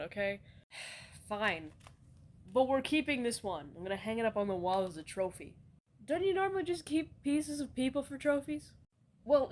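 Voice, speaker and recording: A woman with a somewhat high voice plays out a comedy skit and trades roles in quick banter. Her delivery is dry and sarcastic, with casual swearing. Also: a bit bright. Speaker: comedy sketch voice performer. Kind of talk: comedic dialogue skit, voicing several characters.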